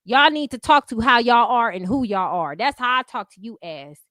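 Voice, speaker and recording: A woman's voice: fairly high pitch, lively intonation, moderate pace, a bit bright, dry recording, clean studio sound. A woman hosting an unscripted commentary stream, talking bluntly with heavy profanity and repeating her catchphrases.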